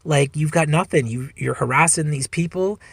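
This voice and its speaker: Guy doing a chill older cop, gravelly and husky, talking his partner down. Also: on the high side, moderate pace, dry recording, studio quality. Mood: placating. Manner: calm, reasoning. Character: calm, easygoing older male cop.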